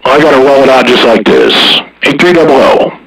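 A man's voice: mid-range voice, animated, brisk, gravelly, slight background noise. A man chatting casually over a CB radio in a drawling, slangy manner, recorded from some distance. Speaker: CB radio operator.

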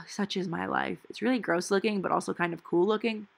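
A woman's voice: medium pitch, moderate pace, vocal fry, breathy edge. A young woman in her twenties talking casually and rambling through her week as a planner vlogger, with playful asides. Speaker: planner vlogger and dental hygiene student. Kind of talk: casual chatty voice-over while planning.

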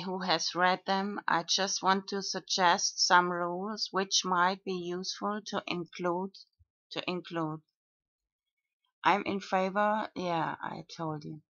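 A woman talks through her own video comments in a slow monologue, pausing often between fillers. Her pitch sits low and barely moves. The recording is dry and dull, with a muffled lo-fi tone. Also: no echo. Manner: slow, flat, with frequent pauses and fillers. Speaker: video blogger.

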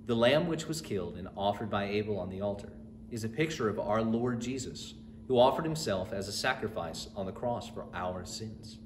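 A man's voice: on the low side, animated, moderate pace, noisy background. A man from a church narrating a bedtime Bible story and earnestly preaching its lesson to children. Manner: earnest, addresses children directly. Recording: roomy echo.

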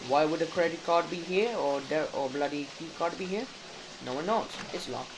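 A man's voice: fairly high pitch, moderate pace, background noise. A young man giving let's play commentary, muttering to himself with jittery nerves and frequent mild swearing. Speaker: gaming channel host.

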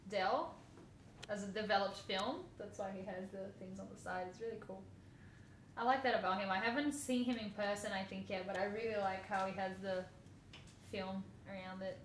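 A woman's voice: mid-range voice, steady tone, moderate pace, pauses often. A woman chatting casually through a card unboxing, giggling and squealing over cute cards. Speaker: vlogger. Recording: echoey room, faint noise.

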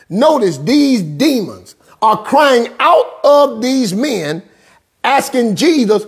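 A husky-voiced woman pastor preaching with rhythmic repetition, her lines climbing into shouts. Her pitch swings widely as she drives each point home in plain, informal phrasing. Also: sing-song, slow. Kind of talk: sermon.

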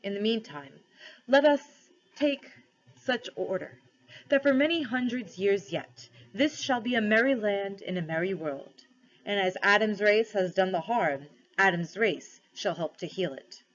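Brief: woman doing a commanding male lion, slow and solemn, muffled sound. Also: medium pitch, animated. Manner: slow, solemn, measured delivery. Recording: dull lo-fi recording.

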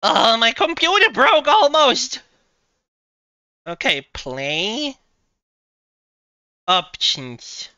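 A woman streamer with a piercingly bright voice that swoops up and down as she thinks out loud. She talks slowly, laughs a lot and swears freely, and the sound is dry and close. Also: a little high, huge pitch swings, dry recording. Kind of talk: live game stream chat. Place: home computer setup.

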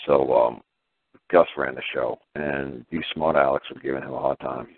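A man talking casually on a call-in show, piling up rhetorical questions in an animated way. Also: a bass voice, moderate pace, husky, dry recording. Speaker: guest caller explaining legal ideas. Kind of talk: casual phone-in talk. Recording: tinny phone line, dry.

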